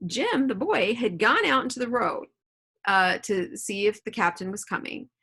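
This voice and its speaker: A woman's voice: mid-range voice, expressive, normal speed, pushed and bright, breathy edge. A woman teacher reading a novel aloud at home and explaining it to her students in a casual, chatty way with frequent check-ins. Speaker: middle school teacher.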